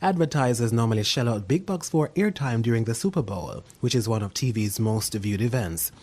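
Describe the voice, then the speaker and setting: A man reading a scripted business news segment in a steady, even newsreader style. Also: mid-range voice, brisk.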